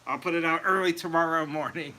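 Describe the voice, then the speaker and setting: Chatty male livestream host, bright tense voice, slightly high, laughs at his own jokes. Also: steady tone, a little fast. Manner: chatty, laughs at himself, reads viewer comments aloud. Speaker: home mead maker hosting a livestream. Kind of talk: casual livestream chat. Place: home meadery.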